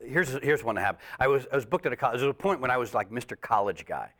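A middle-aged man, a comedian guest, telling a stand-up story with lively acted-out voices and frequent laughs. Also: mid-range voice, very fast. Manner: animated storyteller, acts out voices, laughs often.

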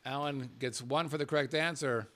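A man co-hosting a casual podcast, reading out listener names with playful, animated banter that drops into murmured asides. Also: mid-range voice, moderate pace. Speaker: co-host.

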